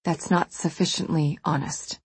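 A woman voicing a wounded, defiant woman confessing quietly, in an audiobook. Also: low-pitched, steady tone, normal speed, husky, dry recording. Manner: quiet, steely.

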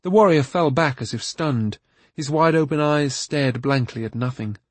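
Steady male audiobook narrator. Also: medium pitch, moderate pace, no room sound. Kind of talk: scripted narration.

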